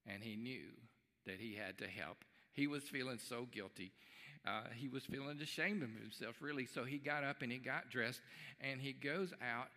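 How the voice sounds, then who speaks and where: A man's voice: medium pitch, normal speed, bright, forceful tone. A male pastor preaching a sermon at a live church service, telling a folksy joke and acting out its voices. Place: church sanctuary. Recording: live church stream with long hall reverb.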